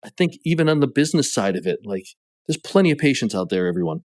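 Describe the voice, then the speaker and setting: A man with a New England accent, talking as a podcast guest and business coach in a casual, animated way, full of "like" fillers. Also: mid-range voice, quick pace, dry recording, studio quality. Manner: animated storytelling, many "like" fillers. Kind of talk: casual conversation.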